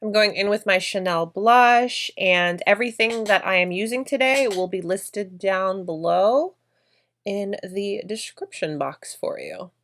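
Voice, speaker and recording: A woman's voice: medium pitch, measured pace, a bit bright. A woman vlogger narrating her makeup routine in a chatty, effusive way, gushing over products. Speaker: beauty vlogger.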